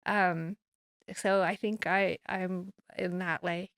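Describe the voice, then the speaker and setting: A woman's voice: on the low side, fairly even intonation, takes it slowly, clear, resonant tone, no echo, clean studio sound. A middle-aged woman in a casual interview, talking in a rambling, self-deprecating way and laughing often. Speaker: guest musician.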